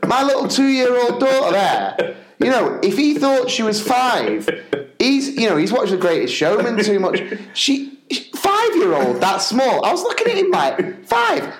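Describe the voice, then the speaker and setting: A man's voice: extremely high pitch, measured pace. A man co-hosting a podcast, telling a comic anecdote with many restarts and quoted voices. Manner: animated, quotes people in put-on voices, rambling restarts. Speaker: podcast co-host, primary teacher. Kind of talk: comic storytelling chat. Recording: echoey room.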